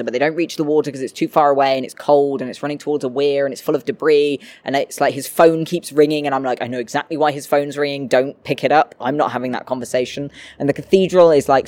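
Guest: man, animated and self-mocking storyteller, close and dry. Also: medium pitch, no echo. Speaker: interview guest. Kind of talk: storytelling in conversation.

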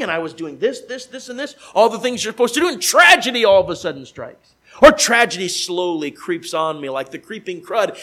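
A man preaching as a traveling evangelist, emphatic and given to repeating key phrases, moving between loud pleading questions and quiet conversational asides. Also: high voice, sing-song, brisk, poor audio. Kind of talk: sermon.

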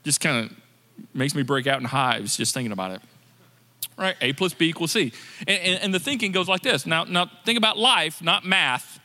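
A man's voice: a little high, animated, moderate pace, sharp tone. A man preaching a sermon as pastor, talking to the congregation in a conversational way and repeating words for emphasis. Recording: long reverb of a large hall.

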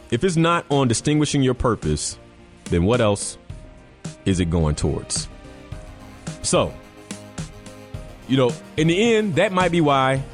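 A man hosting a motivational radio talk show, speaking emphatically and addressing listeners directly. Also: medium pitch.

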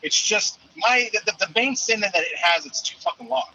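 A man's voice: sits high, lively intonation, normal speed, creaky, bright, forceful tone, slightly rough, highs cut off. A man calling in as the show's movie reviewer, talking casually and stumbling over repeated words, with some swearing. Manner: hesitant, repeats words, profane. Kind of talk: casual call-in chat.

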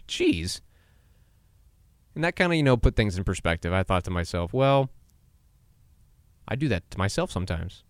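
Man in his twenties, podcast host, lively pitch, dry close sound, laughs at himself, acts out voices. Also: normal speed, long pauses, no room sound. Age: 20s. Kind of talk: solo podcast monologue.

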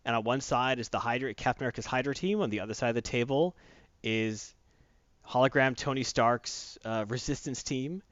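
A man chats through a comic book recap in a loose, rambling way. He keeps jumping into little acted-out lines as he goes. His mid-pitched voice comes through a dull, lo-fi recording with a dry sound. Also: fairly quick, no echo. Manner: rambling, animated storyteller who acts out quotes. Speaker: comic book podcast host. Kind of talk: casual comic recap chat.

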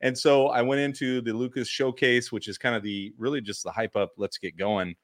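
A man co-hosting a casual podcast chat, telling stories animatedly and acting out quotes. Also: brisk. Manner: animated storyteller, acts out quotes in high voices. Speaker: podcast co-host.

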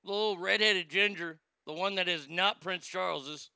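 A man with a high, gravelly voice riffs in a casual commentary, sarcastic and mocking and quick to swear. His tone is bright and crisp, recorded close in a dry room. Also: dry recording.

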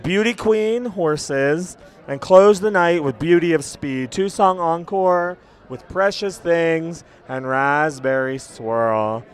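A man's voice: a little high, slow pace, clean tone. A man hosting a casual after-show podcast, talking with enthusiasm and sounding a little sick, recorded outdoors in a city. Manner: enthusiastic, chatty. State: sick, cold. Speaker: podcast host.

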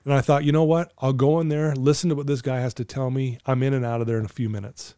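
Middle-aged man, earnest storyteller, mellow voice, dry close mic. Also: mid-range voice, flat delivery, quick pace, clear, resonant tone, no room sound. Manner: earnest, acts out quoted dialogue. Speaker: guest telling his story. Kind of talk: casual storytelling conversation.

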